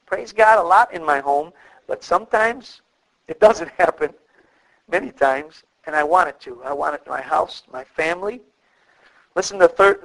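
Male pastor, middle-aged, high voice, animated sermon delivery, acts out quoted voices. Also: rough recording.

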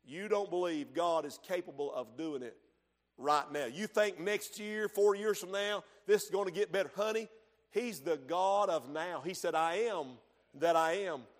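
A man preaching a sermon in church, swinging from hushed tones to shouting. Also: high-pitched, moderate pace. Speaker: pastor.

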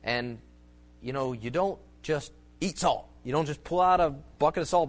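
A man's voice: a little high, normal speed. A man giving an informal sermon-style talk on church music, rambling and folksy with many fillers and restarts, leaning on homely illustrations. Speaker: preacher teaching on church music.

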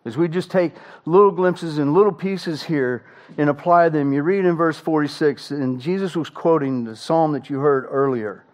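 A middle-aged man, a pastor, preaching a sermon with emphatic delivery, slow dramatic pauses and rhetorical questions. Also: on the high side, darkish tone.

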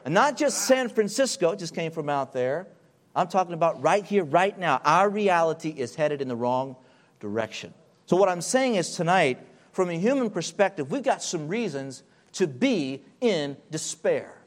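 A man preaching a sermon, slowing and stretching key words, dropping to near-whispers and then building to loud, emphatic peaks. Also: a little high, animated. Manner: wide swings from hushed, drawn-out phrases to loud emphatic build-ups.

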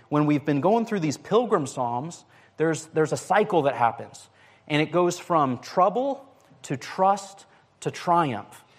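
A man delivering a sermon in a relaxed, conversational way. His voice sits a little higher than most men's. He often restarts his phrases and fills them with casual asides. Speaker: preacher.

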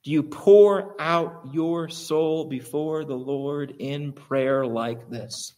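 A man's voice: on the high side, takes it slowly, darkish tone. A male preacher delivers a sermon in a somewhat raised voice. He presses his listeners with rhetorical questions and swells in volume on the points he wants to land.

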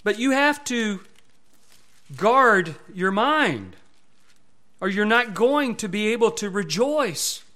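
Male pastor, fairly high voice, emphatic sermon delivery. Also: expressive, slow pace, pauses often, bright, forceful tone.

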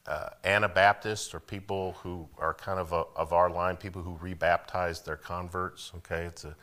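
Low-voiced pastor preaching. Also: male voice, pushed and bright. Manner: conversational preaching, asks the congregation questions, bursts of emphasis. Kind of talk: sermon.

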